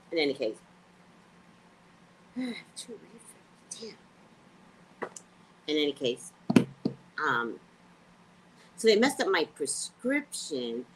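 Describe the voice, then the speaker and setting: A woman's voice: low voice, slight background noise. A woman vlogger telling a story in a casual, profane rant, acting out the people she quotes. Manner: animated, profane, acts out quotes.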